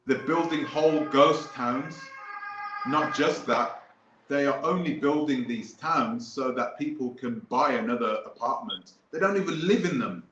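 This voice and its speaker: A man's voice: medium pitch, measured pace, a bit bright, a little hiss or hum. Man ranting in a roomy, dull recording. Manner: rambling, emphatic, repeats points. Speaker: host. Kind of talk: casual chat on a live stream.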